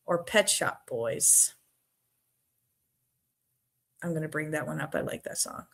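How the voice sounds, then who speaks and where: A woman with a bright, forward voice hosts a relaxed live trivia stream. She talks casually with her viewers, reads the answer options slowly and laughs often. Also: on the low side.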